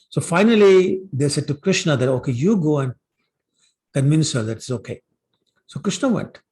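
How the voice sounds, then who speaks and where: A man's voice: on the high side, expressive, normal speed, a little mellow. Man retelling a scripture story. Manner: conversational, many fillers like "you know", voices characters' lines. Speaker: class speaker.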